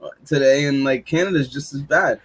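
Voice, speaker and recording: A man hosting a casual live stream chat, teasing his guests with quick jabs. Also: mid-range voice, husky. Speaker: show host.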